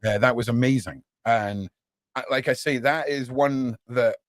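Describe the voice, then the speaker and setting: Blunt rambling podcast co-host, dry sound. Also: male voice, mid-range voice, measured pace, no room sound. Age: adult, with a daughter. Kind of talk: casual chat.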